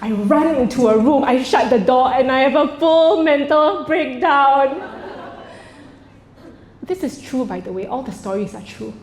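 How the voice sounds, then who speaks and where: A woman doing a stand-up comedy set on stage before a live audience, theatrical in her delivery and prone to sudden high, loud outbursts. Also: animated, a little slow, a little hiss or hum. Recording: roomy stage sound, faint ambience.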